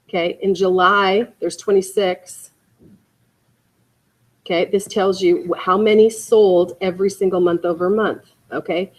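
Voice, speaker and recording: A woman leading a real estate training class, emphatic and energetic, often checking in with "okay" and "you guys". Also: mid-range voice, rough recording. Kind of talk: training lecture to agents. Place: training room.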